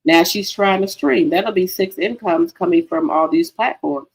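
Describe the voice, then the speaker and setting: Chatty, gravelly woman livestreamer. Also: lowish voice, moderate pace, poor audio. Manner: chatty, profane, addresses viewers as girlfriends. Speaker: livestream host. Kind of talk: casual gossip livestream.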